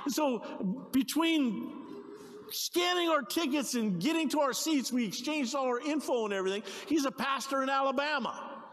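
A middle-aged man preaches in a church sanctuary, his voice high and swinging wide as he gets excited. He tells stories with eager restarts, and his words ring out with a long reverb through the hall. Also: moderate pace. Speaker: pastor. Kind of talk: sermon with storytelling.

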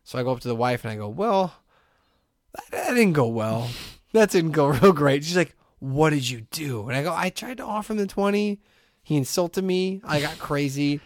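A man's voice: fairly high pitch, moderate pace, dry recording. A man co-hosting a podcast, telling a long story in casual chat, acting out the voices of the people in it and laughing often. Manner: animated storyteller, acts out quotes, laughs often. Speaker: podcast co-host.

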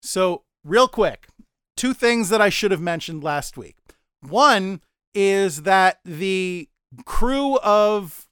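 A man's voice: high voice, fairly bright tone, clean tone, dry recording, studio quality. A man co-hosting a podcast, recapping a TV episode in a rambling, self-deprecating way with mock-dramatic asides. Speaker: podcast co-host.

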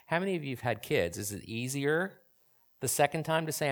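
A man's voice: on the high side, big pitch swings, fairly quick, fairly bright tone. Conversational man in his forties preaching. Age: 40s. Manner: conversational, asks the audience questions. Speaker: pastor. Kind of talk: sermon.

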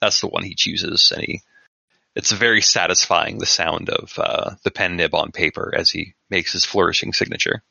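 A man, a player in a tabletop game, describing his character's actions in a halting way with frequent restarts. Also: sits low, fairly even intonation, vocal fry, sharp tone, dry recording, dull audio.

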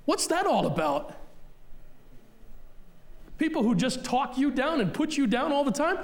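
A middle-aged pastor delivers a sermon in a church, blunt and forceful. His voice sits high for a man, and he hammers his points home by repeating them. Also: very animated, unhurried. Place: church sanctuary.

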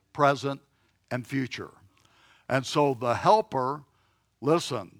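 A man teaching a Bible class in a church room, speaking in an easy conversational way and often checking in with his listeners. His voice sits at an ordinary middle pitch. The sound is dry, with no room echo. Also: a bit bright.

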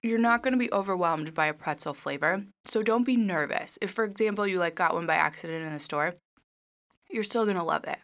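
A woman's voice: lowish voice, a little fast. Chatty woman eating while talking. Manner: chatty, animated storytelling with laughs. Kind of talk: casual chat.

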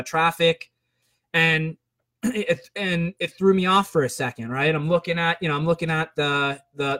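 Guy vlogging about his day, kinda high voice, rambling, keeps going "right?" and "like". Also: a bit bright. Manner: rambling, frequent "right?" and "like" fillers; frustrated venting. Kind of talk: casual personal storytelling monologue.

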